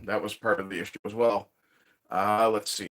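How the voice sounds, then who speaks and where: A man's voice: fairly low pitch, flat delivery, moderate pace, a bit bright. A man hosting a casual livestream from his woodshed, reading viewer chat in a laid-back, profane way with frequent chuckles.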